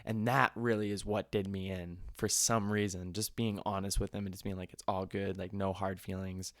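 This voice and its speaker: A young man tells a rambling story, full of swearing and restarts. His voice sits low, and the sound is dry and close, with no room around it. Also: level tone, normal speed, a bit bright, no echo. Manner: rambling, profane, laid-back storytelling. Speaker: podcast host. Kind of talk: casual storytelling.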